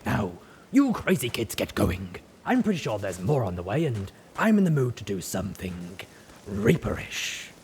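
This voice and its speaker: A man's voice: on the low side, huge pitch swings, normal speed, darkish tone, slight background noise. A man voicing a reckless, bloodthirsty striped mare who talks in a mocking, flippant way. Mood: gleeful.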